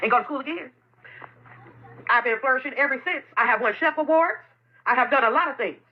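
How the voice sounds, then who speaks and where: Over dull lo-fi phone audio, a food truck owner with a high, brisk voice makes an emotional video statement herself. She sounds impassioned and defensive, circling back to the same points again and again.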